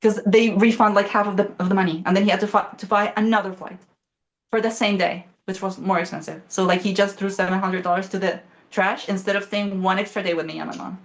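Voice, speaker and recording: Young woman, guest in a casual chat, mid-pitched, rambling and full of fillers. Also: fairly even intonation. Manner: fast, rambling, many fillers, swearing. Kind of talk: casual conversation, storytelling.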